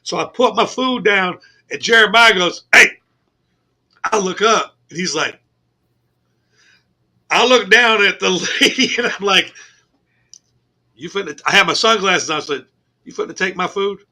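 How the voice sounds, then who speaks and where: A man co-hosting a casual sports radio show, telling a long funny story, cursing, laughing and shouting as he goes. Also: high voice, animated, normal speed. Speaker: co-host. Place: radio studio.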